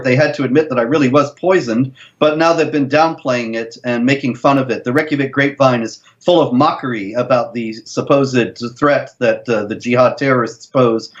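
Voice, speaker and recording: A man answering as an interview guest, telling his account in a measured, deliberate way over a dull, lo-fi remote line. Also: medium pitch.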